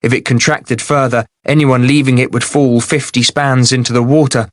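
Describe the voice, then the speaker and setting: A man narrating a fantasy novel in a steady, measured audiobook reading. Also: medium pitch, no echo, clean studio sound.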